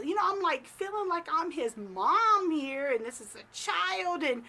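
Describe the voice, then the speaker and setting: A woman vlog host telling a story to camera in a chatty, animated way, full of "like" fillers. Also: very high voice, moderate pace, hardly any pauses, a little hiss or hum. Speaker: psychic medium and vlog host.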